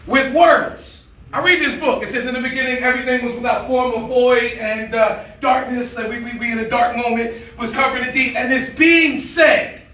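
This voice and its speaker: A man giving an energetic, preacher-like motivational speech that he leads as call-and-response, shouting words for emphasis. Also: very high voice, normal speed. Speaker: motivational speaker. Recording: echoey room, mic far off, faint noise.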